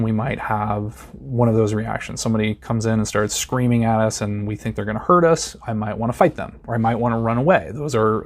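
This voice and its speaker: A man in the middle of his usual pitch range explains emotional psychology in a relaxed, conversational way. He talks through everyday examples and breaks into little acted voices to show a point. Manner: casual, uses acted example voices and fillers. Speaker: presenter teaching emotional psychology. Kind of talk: explanatory talk to camera.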